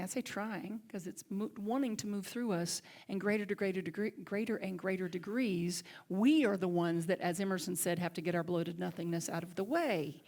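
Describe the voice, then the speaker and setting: A woman minister with a Southern accent, preaching a sermon and telling a personal story with lively swings from loud to hushed. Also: medium pitch. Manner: animated, swings from loud to hushed near-whisper. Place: church sanctuary.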